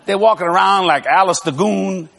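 An older man, a pastor, preaching with lively storytelling, acting out dialogue and laughing often. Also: sits high, normal speed, creaky, long reverb tail. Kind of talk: sermon.

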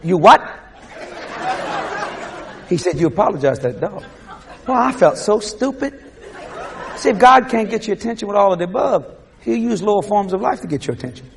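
A man preaching with comic storytelling, animated and laughing as he acts out scenes. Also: high voice, fairly quick, gravelly.

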